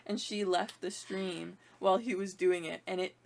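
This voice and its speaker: A woman's voice: fairly low pitch, steady tone, normal speed, gravelly, darkish tone. A young woman hosting a casual podcast with friends, talking in a chatty way that leans on "like". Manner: chatty, leans on "like", laughs often. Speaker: podcast host. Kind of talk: casual chat among friends.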